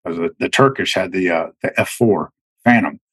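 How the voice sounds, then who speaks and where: A man in his fifties, a retired soldier, telling war stories casually in a halting way, with many restarts. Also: low-pitched, fairly bright tone, breathy edge, no room sound, poor audio. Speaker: guest, retired Army Green Beret. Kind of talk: casual storytelling.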